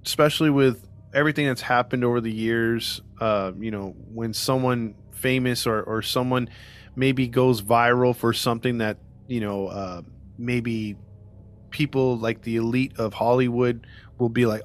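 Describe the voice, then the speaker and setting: A man's voice: mid-range voice, fairly even intonation, normal speed. Rambling, sarcastic podcast host man. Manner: rambling, frequent "you know" fillers and restarts. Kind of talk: casual true-crime storytelling chat.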